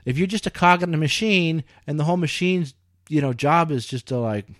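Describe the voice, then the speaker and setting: A man's voice: a little high, a little fast, dry recording, clean studio sound. A man in casual chat, telling stories animatedly and swearing freely. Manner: animated storyteller, acts out quoted voices, swears freely.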